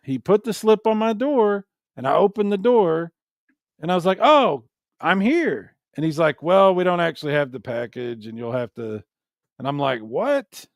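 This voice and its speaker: A man co-hosting a casual podcast chat, telling animated stories and acting out what people said. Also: on the high side, fairly quick, dry recording, studio quality. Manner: animated storyteller, acts out quotes. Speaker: co-host.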